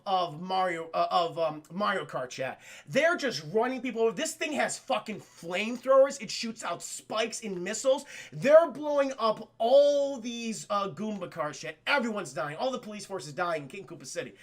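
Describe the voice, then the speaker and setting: A man casually recapping a film for his livestream chat, excitable and profane, often calling out to the chat. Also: high-pitched, vocal fry. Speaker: streamer film reviewer.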